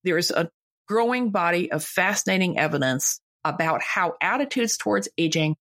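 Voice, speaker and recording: A woman's voice: on the low side, animated, normal speed, fairly bright tone. An older woman, a guest author, speaking emphatically and with firm opinions in a conversational interview.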